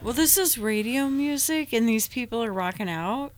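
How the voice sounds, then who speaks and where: A man's voice: very high voice, animated, normal speed, dry recording. A man co-hosting a podcast, chiming in with jokes in a casual chat. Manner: joking interjections. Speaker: podcast co-host.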